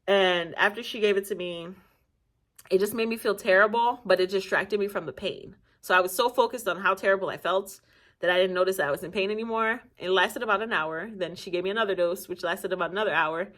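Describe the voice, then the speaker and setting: A young adult Nigerian woman tells a personal story on her channel in a casual, animated way, laughing often and acting out what people said. Her voice is medium-pitched and a little fast.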